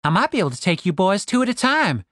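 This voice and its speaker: A man playing a cocky, quick-witted young woman warrior who teases her companions, in a fantasy audiobook. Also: medium pitch, big pitch swings, no echo, clean studio sound, voice pushed up, natural voice. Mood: teasing. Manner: bold, quick-witted, teasing.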